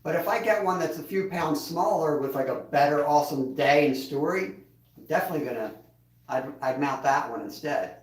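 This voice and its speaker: A relaxed man with a twang chats casually on his livestream, his fairly high voice sitting back from the mic. The sound bounces around an echoey room, and he chuckles as he answers his viewers. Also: fairly quick, far from the mic. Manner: laid-back, chuckles, reads chat aloud. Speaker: livestream host.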